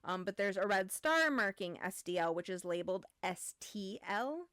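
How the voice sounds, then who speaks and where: A woman from Michigan talks through a book in a relaxed, rambling way, filling pauses with ums. Her voice sits at an ordinary pitch. The sound is dry and close to the mic. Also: no echo. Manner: chatty, many "um"s and "like"s. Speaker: book club podcast host. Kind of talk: casual chat and book summary.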